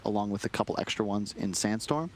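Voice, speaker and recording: A man giving measured, analytical color commentary on a live esports match. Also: fairly low pitch, slight background noise.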